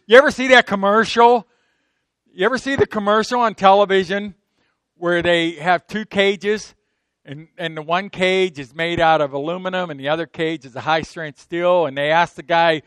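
A middle-aged male pastor preaching in a chatty, conversational way. His voice sits a little high for a man and is recorded dry and close. He jumps between loud, emphatic bursts and quiet asides, tossing rhetorical questions at the congregation. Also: steady tone, moderate pace, smooth, no echo. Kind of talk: sermon.

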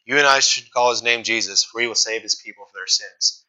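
A man's voice: on the low side, a little fast, pushed and bright, dull audio. A young man preaching a sermon in a casual, conversational way, reading scripture and acting out the people in the story with slangy asides.

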